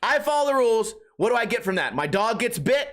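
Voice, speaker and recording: A man's voice: extremely high pitch, sing-song, fast, fairly bright tone. A young man hosting a podcast, telling a story in a casual, profane, exasperated rant. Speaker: podcast host.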